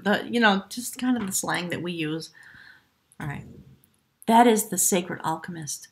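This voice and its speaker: A woman giving a spiritual tarot reading to camera, effusive and emotional, often dropping her voice to a hushed whisper. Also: on the low side, normal speed. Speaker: tarot reader.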